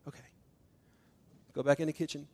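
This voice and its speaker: Man preaching at communion, loud then hushed. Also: a little high, level tone, fairly quick, vocal fry. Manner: swings from loud emphatic preaching to hushed intimate tones; storytelling with acted-out dialogue. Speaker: pastor. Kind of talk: communion sermon.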